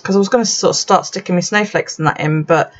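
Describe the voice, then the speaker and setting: A woman's voice: lowish voice, fast. A tipsy woman chatting casually as she works on her journal, swearing and laughing often. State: tipsy, drinking. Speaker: bullet journal vlogger. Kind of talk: casual chat while crafting. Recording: dull lo-fi sound, faint background noise.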